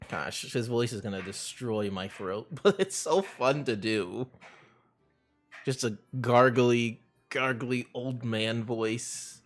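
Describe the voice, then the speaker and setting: A man's voice: medium pitch, slow pace, soft background music. A man casually chatting his way through a game, joking and rambling in playful asides. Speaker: gameplay streamer. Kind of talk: casual gameplay commentary.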